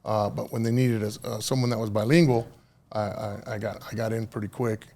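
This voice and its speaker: A man's voice: fairly low pitch, fairly even intonation, fairly quick, darkish tone. A middle-aged man, a podcast guest and union official, telling stories in casual chat, swearing freely and dropping Spanish phrases into his English, with many fillers and restarts.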